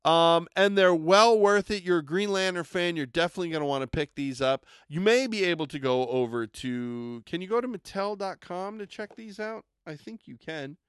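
A man's voice: high-pitched, expressive, moderate pace, hardly any pauses, clean tone, no echo, clean studio sound. An enthusiastic man co-hosting a casual podcast, rambling a bit as he hypes collectible toys and products.

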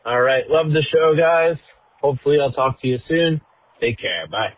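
A man's voice: mid-range voice, lively intonation, moderate pace, no echo. A man leaving a friendly, upbeat voicemail for a podcast as a caller. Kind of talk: voicemail message. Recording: tinny phone voicemail.

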